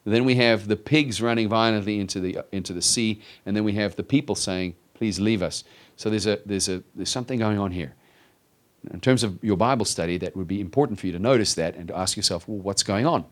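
A man's voice: on the low side, brisk. A man preaching an expository sermon in an emphatic, teacherly way, often stammering and restarting his phrases. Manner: emphatic, teacherly, rises in volume on readings. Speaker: pastor teaching the Bible.

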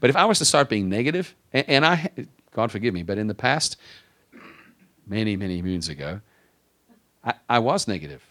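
A man preaching a sermon in a conversational, self-deprecating way, rising in pitch and volume for emphasis and slowing on key phrases. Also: very animated, fairly bright tone. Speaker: pastor.

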